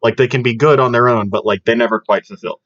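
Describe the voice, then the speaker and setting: A man's voice: mid-range voice, steady tone, fairly bright tone, no room sound. Rambling, jokey young man. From Southern United States. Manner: rambling, jokey, quick to laugh. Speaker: podcast co-host. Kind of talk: casual chat. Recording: dry, dull lo-fi audio.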